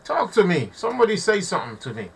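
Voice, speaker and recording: A man's voice: high voice, wildly swooping pitch, fast talker, creaky, breathy edge, distant mic. Impassioned preaching man, off-mic. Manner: preachy, repetitive, calls audience "family". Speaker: online preacher. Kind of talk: impassioned live commentary.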